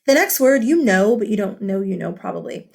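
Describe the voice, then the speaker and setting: A woman's voice: mid-range voice, expressive, brisk, creaky, darkish tone. A woman teacher talking through a vocabulary lesson in a casual, chatty way, with many fillers and tag questions. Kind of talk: recorded classroom lesson.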